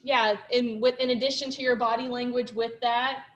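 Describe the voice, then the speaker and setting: A woman's voice: a little high, little pitch movement, moderate pace, dull audio. Chatty young woman presenting in class. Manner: chatty, lots of fillers and likes. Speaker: student presenter.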